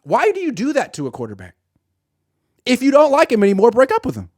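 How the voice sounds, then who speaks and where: Animated sarcastic male sports commentator. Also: very high voice, fast, no echo, studio quality. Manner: animated and sarcastic, acts out imagined dialogue.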